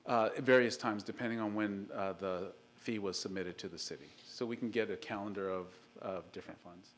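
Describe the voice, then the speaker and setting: A man presenting as city engineer at a public meeting, measured and hesitant with fillers. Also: lowish voice.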